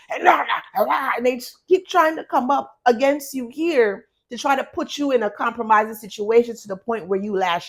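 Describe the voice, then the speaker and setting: Lady doing a tarot reading for viewers, higher voice, blunt and emphatic, swears. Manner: emphatic and blunt, repeats words, swears for stress. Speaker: tarot reader.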